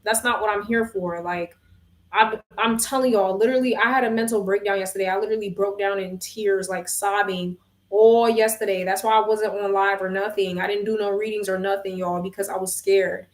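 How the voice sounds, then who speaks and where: A woman's voice: medium pitch, steady tone, fairly quick, reverberant. A young woman vlogger venting frankly to her phone camera, swearing and addressing her viewers as y'all. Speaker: vlogger and tarot reader.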